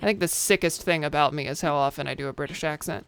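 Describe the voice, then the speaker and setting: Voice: mid-range voice, fast talker, a bit bright, a little hiss or hum. A streamer giving casual, chatty commentary while playing a game, joking at their own expense and tossing out playful nonsense words.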